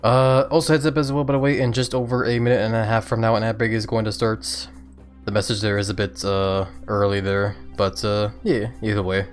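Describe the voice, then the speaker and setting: A man's voice: lowish voice, little pitch movement, brisk, soft background music. Chatty man streaming with the hiccups. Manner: chatty, laughs often, thinks aloud. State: has the hiccups. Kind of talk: casual gameplay commentary.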